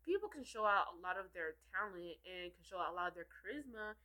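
A woman's voice: lowish voice, expressive, fast, over a noisy crowd, low-quality recording. A woman co-hosting a casual chat, rambling and chatty with lots of fillers. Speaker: podcast co-host.

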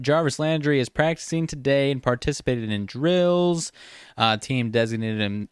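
A man co-hosting a football podcast, running quickly through injury news with a joking, brisk manner. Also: mid-range voice, clean tone, no room sound, studio quality. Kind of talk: casual sports podcast chat.

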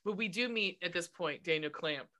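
A woman's voice: on the low side, normal speed, bright, forceful tone. A woman co-hosting a podcast, recapping a movie in casual chat, swearing freely and laughing often. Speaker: podcast co-host.

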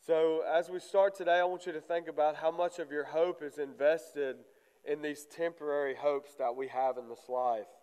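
A congested man preaching a sermon in church, halting often with fillers. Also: fairly high pitch, steady tone, a little mellow, clean tone. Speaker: lay preacher. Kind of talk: sermon with prayer. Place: church sanctuary. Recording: long church reverb.

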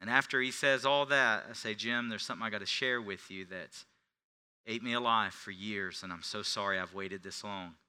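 Bright-voiced man preaching a sermon. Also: fairly low pitch, moderate pace, smooth. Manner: confessional storytelling, dropping to near whispers then rising to shouts. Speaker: pastor.

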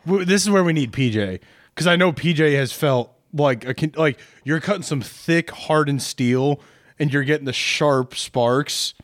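A man co-hosting a casual podcast, talking in animated, rambling bursts and laughing often. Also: on the high side, moderate pace, no echo, clean studio sound. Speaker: podcast co-host. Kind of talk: casual banter. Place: podcast studio.

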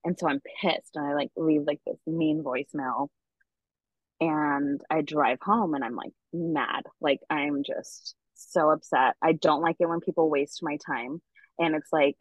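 Low woman ranting on a podcast, swears a lot, says like constantly, dry dull sound. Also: measured pace, no echo. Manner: candid, profane storytelling with many fillers. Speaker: podcast co-host. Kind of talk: casual chat.

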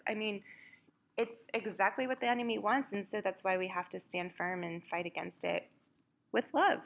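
A woman's voice: mid-range voice, gravelly. A young mother in a casual devotional talk, speaking earnestly and conversationally with many fillers. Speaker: mother sharing a faith story.

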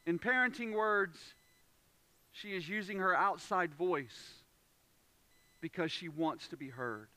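A pastor preaches in a very high, bright voice, recorded close and dry with no echo. He speaks slowly with long pauses, pressing his points emphatically, restating key phrases and building to loud moments.

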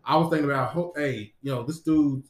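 A man's voice: mid-range voice, a little fast. A man telling a long dream story in casual chat, full of restarts and cursing. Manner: rambling, profane, many restarts. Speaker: podcast co-host. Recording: echoey room.

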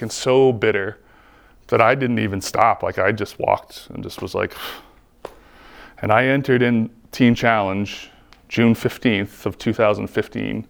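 Earnest man with a gravelly voice. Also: fairly low pitch. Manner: earnest, heartfelt, frequent "like" fillers. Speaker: speaker giving a personal testimony. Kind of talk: personal faith testimony.

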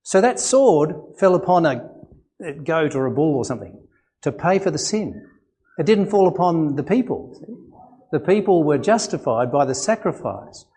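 Rhetorical questions and animated emphasis fill the conversational sermon of this Australian-accented male pastor in a church. His pitch is fairly high, and he speaks at a normal speed.

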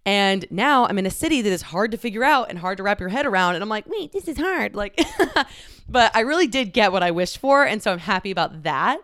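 Talking fast and expressively with barely a pause, this twenties-aged podcast host from Dallas-Fort Worth, Texas, chats candidly on her solo show, dropping lots of "like" and some curse words. Her mid-range voice sounds smooth and fairly bright. It's captured on a close studio microphone, clean and echo-free.

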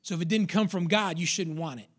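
A man's voice: sits high, fast talker. A male pastor preaching a sermon with emphatic repetition, sometimes acting out an inner voice. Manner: emphatic preaching, repeats lines for stress, acts out inner voices.

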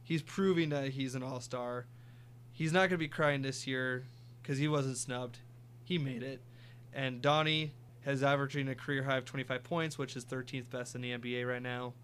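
A man's voice: medium pitch, fairly even intonation, moderate pace, fairly bright tone, clean tone. A young man co-hosting a sports podcast, casually reeling off stats and teasing. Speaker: podcast co-host.

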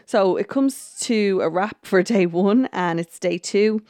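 A woman's voice: medium pitch, unhurried, a little mellow, no echo, clean studio sound. A woman hosting a podcast, chatting casually through an episode recap with plenty of ums, restarts and quoted lines. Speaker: podcast host.

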